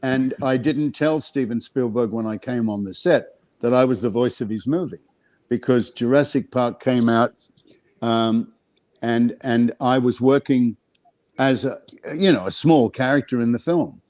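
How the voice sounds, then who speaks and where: A man's voice: mid-range voice, a little slow, a little mellow. Australian man telling stories, laughing. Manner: anecdotal, laughing often, hesitant fillers. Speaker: guest actor. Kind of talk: casual storytelling on a video call.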